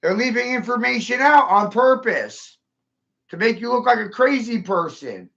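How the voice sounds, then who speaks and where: A man's voice: extremely high pitch, lively intonation, normal speed, creaky, fairly bright tone, highs cut off. A man ranting angrily and profanely on a live stream, agitated and upset. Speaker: livestreamer. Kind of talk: angry live-stream rant.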